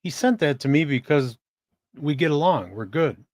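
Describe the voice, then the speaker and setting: A man's voice: on the high side, expressive, moderate pace, dry recording, clean studio sound. A man hosting a casual live stream, laid-back and joking as he reads viewer comments aloud. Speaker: host reading chat.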